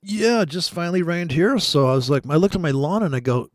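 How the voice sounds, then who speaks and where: A man's voice: fairly high pitch, lively intonation, fast talker, hardly any pauses, no echo, studio quality. A man from Michigan chatting casually, joking and rambling with many restarts. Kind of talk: casual chat.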